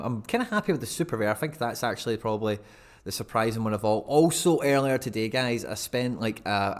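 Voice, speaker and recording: A young man chats loosely on a live stream, wandering from thought to thought and chuckling at his own asides. His voice sits at an everyday middle pitch, easygoing and conversational. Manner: rambling, chatty, laughs at himself. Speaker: fantasy football streamer. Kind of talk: casual live-stream commentary.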